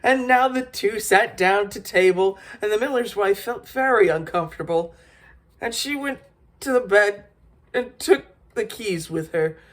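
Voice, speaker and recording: A woman's voice: mid-range voice, measured pace. Woman reading a fairy tale aloud. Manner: lively reader with small slips and restarts. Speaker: storyteller.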